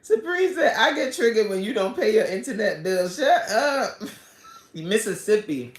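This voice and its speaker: A woman's voice: mid-range voice, expressive, measured pace. A woman hosting a casual live stream, reading chat comments aloud and laughing often. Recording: echoey room.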